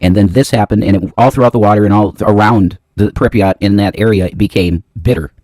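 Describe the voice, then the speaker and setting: A man's voice: on the low side, fast talker, darkish tone, no echo. A man in his forties co-hosting a casual chat, laid-back and explaining things with a slight mumble. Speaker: podcast co-host. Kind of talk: casual chat reacting to a video.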